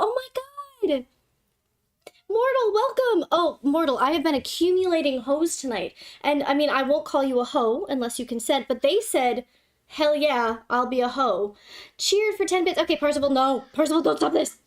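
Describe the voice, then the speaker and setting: Her voice is high and expressive, a little slow, as this young woman hosts a laid-back livestream. Giggly and gushing, she swears casually while cooing over her cat.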